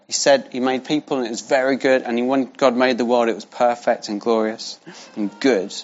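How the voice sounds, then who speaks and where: A man's voice: mid-range voice, steady tone, a little fast. A man preaching a sermon in a conversational way, repeating key phrases for emphasis. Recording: dull lo-fi sound.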